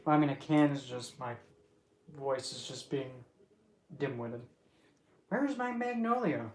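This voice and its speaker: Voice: mid-range voice, steady tone, unhurried, darkish tone, a little hiss or hum. A streamer rambling in a casual livestream chat, giggling and exclaiming while talking back to the chat with pet names. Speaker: streamer hosting an open chat.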